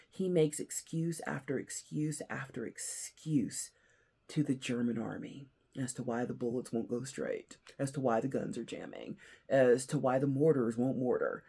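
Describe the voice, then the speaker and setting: Gravelly raspy guy hosting his own channel, earnest storytelling, gets loud then goes real quiet. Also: mid-range voice. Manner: earnest storyteller, swings between loud emphasis and hushed near-whispers. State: emotional, near tears. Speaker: host. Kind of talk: casual commentary.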